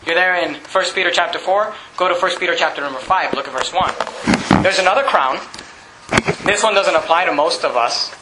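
A man preaching a sermon as a pastor, fervent and rising to shouts at times. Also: sits high, fairly quick, echoey room, background noise. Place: church sanctuary.

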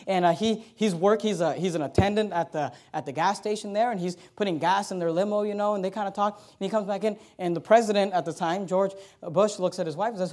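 High-voiced man preaching a sermon. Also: brisk, hardly any pauses. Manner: exhorting preacher, swings between loud emphasis and quiet asides. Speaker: pastor.

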